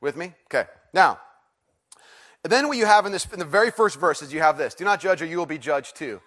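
A pastor with a high-pitched voice preaches to his congregation in a chatty, self-deprecating way. He jokes, asks for a show of hands and counts them into call-and-response. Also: expressive, fairly quick, fairly bright tone. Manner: joking, conversational, gets congregation to respond. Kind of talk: sermon. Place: church sanctuary with congregation.

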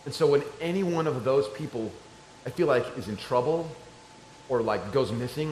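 A middle-aged man preaching a sermon, telling a story and swinging between loud excited shouts and soft hushed tones. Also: medium pitch, normal speed, background noise. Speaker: pastor. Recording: echoey room with faint ambience.

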